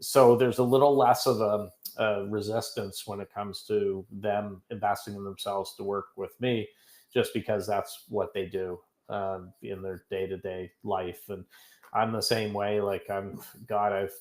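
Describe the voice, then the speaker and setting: A middle-aged man from Canada talks as a guest in an interview. He tells stories in a chatty, self-joking way. His voice is low, and the room around him echoes. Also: fairly even intonation, a little slow, a little mellow. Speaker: podcast guest, business coach. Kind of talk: casual interview talk.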